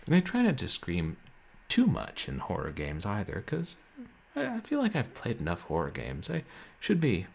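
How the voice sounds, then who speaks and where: A man streaming a game and chatting with viewers in a laid-back, wry way, with a soft, somnolent voice and frequent chuckles. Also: deep voice, wildly swooping pitch, unhurried, creaky, slight background noise. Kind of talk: casual chat with stream viewers. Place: home room, roommates nearby.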